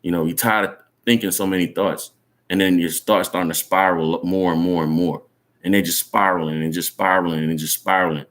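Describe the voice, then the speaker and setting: Deep-voiced man preaching casually. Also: steady tone, fairly quick, fairly bright tone. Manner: conversational, repeats "man" and "right?" as tags; earnest, encouraging. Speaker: Bible teacher. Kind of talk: informal sermon teaching.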